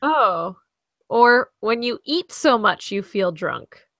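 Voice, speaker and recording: A woman's voice: on the high side, lively intonation, takes it slowly, a bit bright, dry recording, studio quality. A woman co-hosting a podcast in casual banter, teasing and laughing often. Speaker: podcast co-host. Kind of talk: casual pre-show banter.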